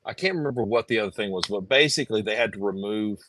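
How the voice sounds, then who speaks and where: A man chatting casually on a live stream, telling a story in halting, rambling bits with many restarts. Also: on the low side, a bit bright, slight background noise. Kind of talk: casual chat.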